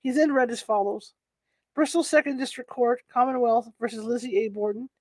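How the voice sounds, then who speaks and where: A woman's voice: fairly high pitch, fairly even intonation, a little fast, mellow, dry recording. A woman reading a historical courtroom account aloud, stumbling over words and correcting herself as she goes. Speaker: narrator.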